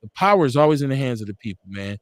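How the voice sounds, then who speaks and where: Racing along in a sing-song, medium-pitched voice, this live online talk show host drives home his political points through repetition. His commentary is impassioned, profane and delivered with preacherly fervor.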